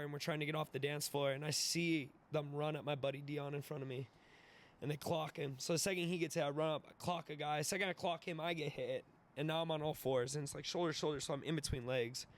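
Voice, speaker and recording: A young man in his twenties, guesting on a podcast, tells a wild story in casual fashion: animated, profane, laughing, and acting out the voices. He speaks fairly quickly with a fairly high pitch.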